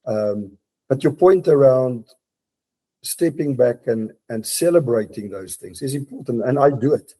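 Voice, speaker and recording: Speaking from his home study on a casual podcast, a mountaineer and business leader reflects at a measured pace. His mid-range voice is expressive, mellow and husky, and he often restarts his sentences.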